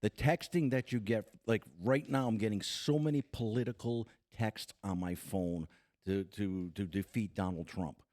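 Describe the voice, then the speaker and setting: A man's voice: lowish voice, moderate pace, a little mellow. A man co-hosting a podcast, talking casually, bluntly and with plenty of swearing, and getting worked up. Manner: blunt and profane, gets worked up. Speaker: podcast co-host.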